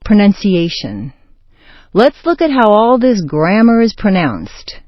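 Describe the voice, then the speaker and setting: An American woman teaching pronunciation, reading short example words and phrases with slow, exaggerated clarity. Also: medium pitch, very animated, no echo, muffled recording. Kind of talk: scripted pronunciation lesson.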